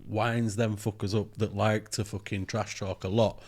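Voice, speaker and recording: A man's voice: fairly low pitch, level tone, normal speed, a little mellow, breathy edge. A man interviewing a fighter in a casual, chatty way, often tagging his points with "you know what I mean".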